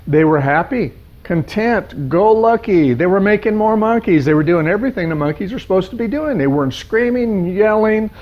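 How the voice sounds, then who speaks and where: A male life coach telling a parable in an animated storytelling manner, piling up lists of words. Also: sits high, moderate pace, hardly any pauses. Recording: dull lo-fi sound.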